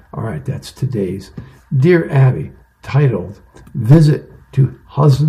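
A man reading newspaper advice columns and comic strips aloud as a volunteer reader, in a relaxed, conversational way. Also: medium pitch, creaky, poor audio.

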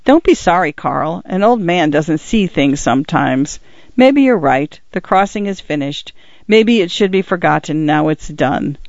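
A man voicing a gentle, wistful old pioneer. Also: on the high side, lively intonation, measured pace, vocal fry, no room sound. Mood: resigned. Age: older. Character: old male pioneer grandfather, proud and hurt. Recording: dull lo-fi dry recording.

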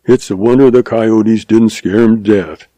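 A man voicing a quick-witted young cowboy in a storybook reading, talking in a folksy, easygoing ranch-hand way. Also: fairly low pitch, steady tone, mellow, no room sound, natural voice. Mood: earnest.

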